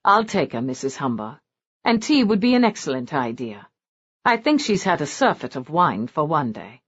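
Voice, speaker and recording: A brooding nobleman with a silken, mocking tone, voiced by a woman reading a romance audiobook. His lines rise and fall in lively swings and carry a dry edge. The recording sounds dull and lo-fi. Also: a little high, moderate pace, slightly rough, heavily acted. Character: brooding, silken-voiced lord with a bad leg.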